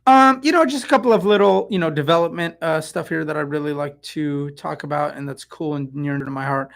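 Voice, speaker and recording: Rambling, excitable middle-aged man. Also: on the high side, a little fast, vocal fry. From San Francisco Bay Area. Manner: rambling and excitable, many fillers and asides. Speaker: real estate agent hosting a live stream. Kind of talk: casual live-stream monologue.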